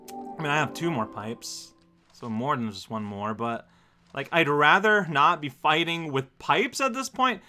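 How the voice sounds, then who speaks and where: A man casually commenting on his gameplay, musing out loud and rambling with lots of fillers. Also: a little high. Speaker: let's play host.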